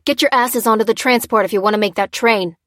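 A woman's voice: fairly high pitch, fast talker, no room sound, studio quality, lightly acted. Woman doing a barking male soldier. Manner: loud, commanding.

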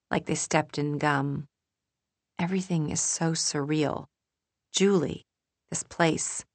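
A woman narrating a first-person audiobook in a calm, measured, introspective manner. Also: low-pitched, no echo.

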